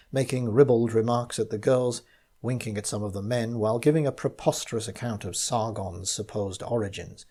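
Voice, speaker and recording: A man reading his own gothic mystery story aloud, in measured first-person narration. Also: lowish voice, dark tone.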